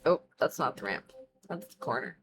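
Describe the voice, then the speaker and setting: A young woman streams a video game, chatting casually and rambling, tossing playful silly noises between her asides. Her voice is rumbling low and expressive, at a normal speed.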